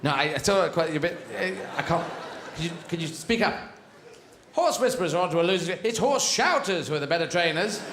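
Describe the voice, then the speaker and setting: A man doing stand-up comedy on a big theatre stage, rambling through quick asides. His voice sits a touch high and is picked up with a roomy echo. Faint noise runs underneath. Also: lively intonation, fairly bright tone.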